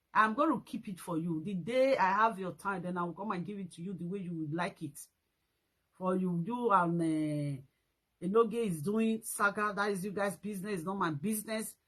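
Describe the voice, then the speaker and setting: Husky Nigerian woman ranting. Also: medium pitch, fairly bright tone, low-quality recording. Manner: scolding, repeats herself, mixes pidgin slang. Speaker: vlogger. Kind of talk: ranting commentary vlog.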